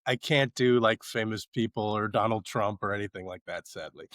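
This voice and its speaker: A man's voice: lowish voice, moderate pace, fairly bright tone, dry recording, clean studio sound. A man in his sixties co-hosting a casual podcast chat, wry and self-deprecating. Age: 60s. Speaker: podcast co-host.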